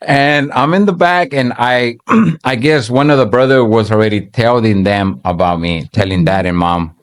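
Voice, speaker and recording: A man giving an earnest, halting personal faith testimony as a church member, often restarting his sentences. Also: mid-range voice.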